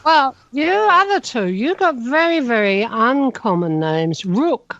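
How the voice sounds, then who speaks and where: A woman's voice: on the high side, expressive, slow, a bit bright, no room sound. A woman with a South London accent, chatting and teasing on a radio show and laughing often. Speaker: medium. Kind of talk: casual radio chat. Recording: dull lo-fi remote line.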